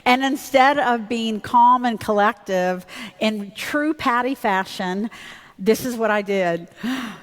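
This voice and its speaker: A woman's voice: fairly high pitch, slow, noisy background. Woman pastor preaching in a reverberant church. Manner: candid, conversational storytelling with fillers and self-corrections. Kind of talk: storytelling sermon. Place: church sanctuary. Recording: long reverb of a church hall.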